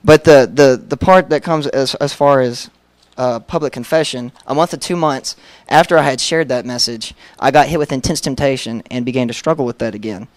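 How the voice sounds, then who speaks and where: A young man gives a personal testimony from the pulpit in an easygoing, candid way. He tells the story and acts out the dialogue, dotted with fillers. His voice sits at a middling pitch, and the sound is dry and close with little room echo. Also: a little fast. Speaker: preacher.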